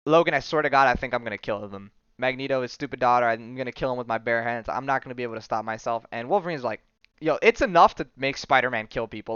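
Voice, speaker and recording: A man hosts a podcast and recaps a comic storyline in a loose, rambling way, full of fillers and sudden little character voices. His voice is smooth and clear at a middle pitch. The sound is dry and close, through a slightly dull, lo-fi mic. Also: fast talker, fairly bright tone, no room sound. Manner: rambling storytelling with many fillers, briefly acting out characters' lines. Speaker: podcast host. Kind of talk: casual comic book recap.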